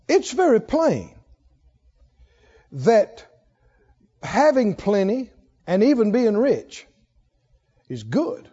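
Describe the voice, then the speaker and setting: A male pastor preaching a sermon in a large church, animated and chuckling, firing rhetorical questions at the congregation. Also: high-pitched, husky. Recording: dull lo-fi sermon recording.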